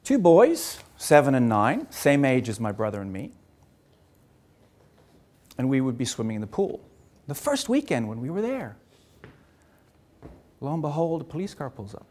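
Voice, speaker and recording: A man in his sixties from Germany, giving a personal talk on a stage, earnest and measured, often repeating words. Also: medium pitch, huge pitch swings, darkish tone. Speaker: speaker.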